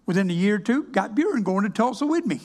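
A man's voice: high-pitched, sing-song, quick pace, darkish tone. An older man, a minister giving a folksy, plainspoken, wry personal testimony.

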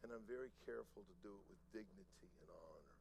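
Gravelly preaching man, hushed to loud. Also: sits low, slight background noise, poor audio. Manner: swings from hushed storytelling to loud, slow preaching. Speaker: pastor. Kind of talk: sermon.

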